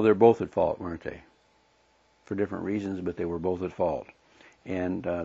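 Gravelly-voiced man teaching a Bible lesson. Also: low voice, darkish tone, lo-fi sound. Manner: plain, conversational, pauses to explain verses. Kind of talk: recorded Bible class lesson.

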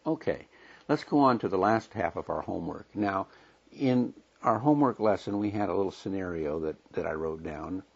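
Gravelly-voiced man teaching a Bible lesson. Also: low-pitched, lo-fi sound. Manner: plain, conversational, pauses to explain verses. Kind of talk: recorded Bible class lesson.

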